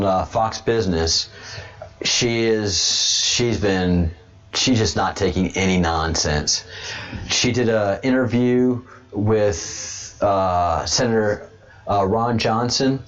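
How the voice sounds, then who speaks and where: Hosting a casual political livestream, a man speaks in a fairly low voice, rambling, repeating words and restarting sentences as he goes. The sound quality is dull and lo-fi.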